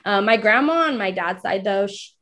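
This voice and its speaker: In a mid-range voice at a moderate pace, a young woman chats casually as a guest about coming out. Her telling is animated, full of acted-out dialogue from others, with frequent laughs.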